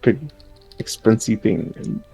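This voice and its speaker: A man's voice: lowish voice, slow pace, mellow, soft background music, rough recording. A young man chatting casually on a livestream, telling a rambling family story full of fillers and laughter.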